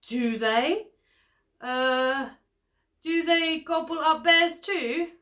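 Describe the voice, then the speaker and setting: A woman's voice: sits high, lively intonation, slow, sharp tone, pitched above the performer's own voice, full character voice. A woman voicing a kindly male bear in a storybook who grows nervous and stammers. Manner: kindly, then jittery and stammering.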